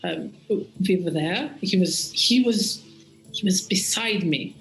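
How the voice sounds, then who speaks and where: A game master voicing an anxious deep gnome mother who lost her son, stammering in a put-on, vaguely German accent. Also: animated, slow, faint music behind, low-quality recording. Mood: worried.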